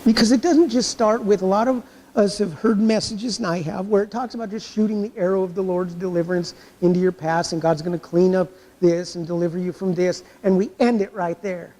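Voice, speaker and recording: A man's voice: sits high, steady tone, brisk, warm tone. A male pastor preaching a sermon in a church, driving points home with rhetorical questions and acting out inner voices. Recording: long hall reverb.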